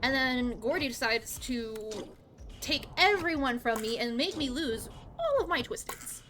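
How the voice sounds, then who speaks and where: A woman's voice: high voice, big pitch swings, a little slow, pushed and bright, slight background noise. A young woman streaming a game live, talking to chat while she plays, exclaiming, swearing and ranting about her teammates. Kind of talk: live gameplay commentary.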